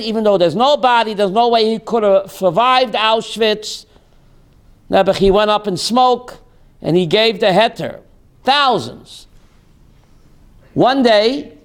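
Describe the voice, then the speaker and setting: Gravelly high-voiced rabbi telling stories. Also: male voice. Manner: storytelling, asks the audience questions and answers them; dramatic, voices screaming characters in quotes. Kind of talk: lecture to a class.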